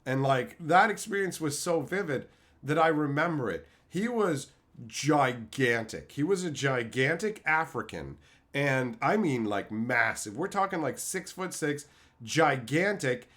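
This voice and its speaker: A man in his thirties chatting casually on a live stream, telling stories and shouting out loud quotes. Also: medium pitch, lively intonation, a little slow. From Canada. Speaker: streamer opening card packs.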